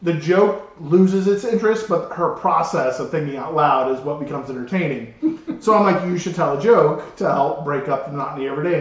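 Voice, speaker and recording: A man co-hosting a podcast, telling an embarrassing story in an animated way and laughing through it. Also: fairly high pitch, highs cut off. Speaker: podcast co-host. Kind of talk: casual storytelling chat. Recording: roomy, distant mic with background noise.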